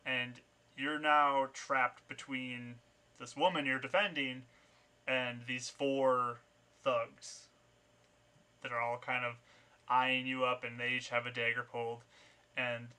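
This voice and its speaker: A man's voice: mid-range voice, level tone, slow, pauses often, sharp tone, smooth. A man narrating a tabletop game as game master, describing scenes with many small restarts. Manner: descriptive, with frequent fillers and restarts.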